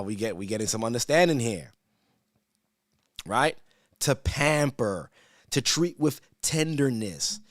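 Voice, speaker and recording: Man, church elder, casual bible teaching, rhetorical questions, slow emphatic verse reading, dry sound. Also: medium pitch, no echo. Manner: conversational, asks rhetorical "right?", stammers repeats; reads verses slowly and emphatically.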